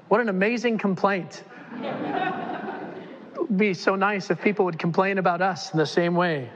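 Emphatic pastor preaching in an echoing hall. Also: male voice, high-pitched, dull audio. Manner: emphatic, dramatic, acting out quotes. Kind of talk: sermon. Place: church hall before a congregation. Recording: long reverb in a church hall.

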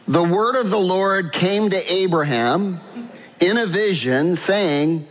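A pastor preaching slowly in a church, chatting with his congregation and questioning them. His voice carries a long hall echo and sounds dull and muffled. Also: high-pitched, lively intonation. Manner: conversational, asks the congregation questions, repeats words. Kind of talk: sermon.

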